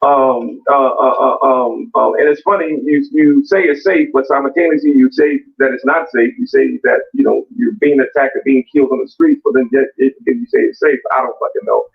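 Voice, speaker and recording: A man's voice: medium pitch, fairly even intonation, a little fast, creaky, few pauses. A man arguing his turn in an online debate, blunt and heavily profane, with many restarts and fillers. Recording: distant, muffled call audio.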